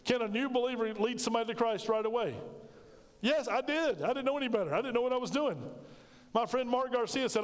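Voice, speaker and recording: A man's voice: extremely high pitch, quick pace, in a large hall. A middle-aged man preaching a sermon, telling a personal story and acting out the dialogue. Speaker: pastor.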